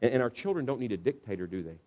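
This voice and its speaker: Guy preaching a sermon, chatty and animated, middle pitch, acts stuff out. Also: rapid-fire, highs cut off. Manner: conversational, animated, acts out parents shouting. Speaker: pastor.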